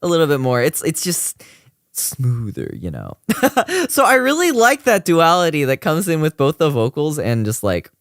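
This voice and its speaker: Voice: mid-range voice, wildly swooping pitch, moderate pace, no echo, studio quality. A young adult streamer chatting casually with viewers, rambling with lots of fillers and laughing often. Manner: giggly, laughs often, gushing. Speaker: streamer reviewing a cover mix.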